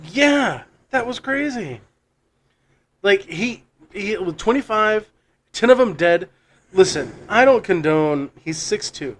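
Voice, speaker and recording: A man with a high voice co-hosting a casual comedy podcast in a studio. He reads news items in a loose, easy way, often breaking into laughter. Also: animated, slow pace, a bit bright. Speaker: podcast co-host.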